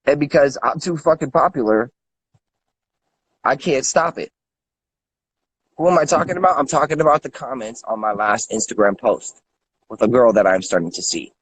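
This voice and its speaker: A man's voice: medium pitch, expressive, normal speed, long pauses, husky, no room sound, low-quality recording. An angry man in his thirties ranting with lots of swearing and stammered repeats. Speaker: guest. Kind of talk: angry rant.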